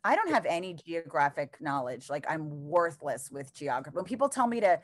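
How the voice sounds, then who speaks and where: Low-voiced woman with blunt, profane humor. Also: very animated, fairly quick, dry recording, clean studio sound. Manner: blunt, profane, self-deprecating storytelling. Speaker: comedian and podcast host. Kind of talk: casual chat.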